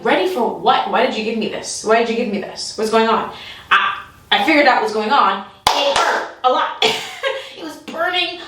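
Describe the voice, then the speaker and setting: Echoey, animated woman telling a story. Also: sits high, a little hiss or hum. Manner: animated, laughs often, acts out voices. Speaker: comedian. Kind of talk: storytelling comedy. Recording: echoey room, from a distance.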